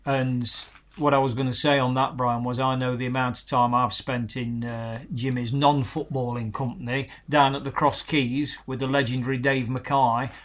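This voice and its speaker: A man's voice: medium pitch, flat delivery, moderate pace, few pauses, a bit bright. Reflective male interviewer, casual. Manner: reflective, rambling anecdotes.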